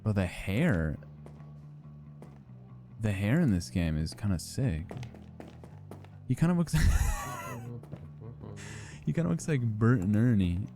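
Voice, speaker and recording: A man's voice: fairly low pitch, very animated, slow pace, long pauses, mellow, faint music behind. A young man streaming a game, rambling and joking, with lots of fillers and swearing. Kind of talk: casual gameplay commentary.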